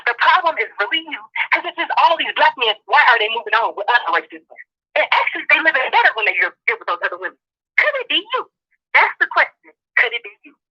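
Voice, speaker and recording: A woman guest on a talk show, delivering a passionate, profane, rapid-fire rant of social commentary. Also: a little high, very animated, breathy edge. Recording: dull lo-fi audio.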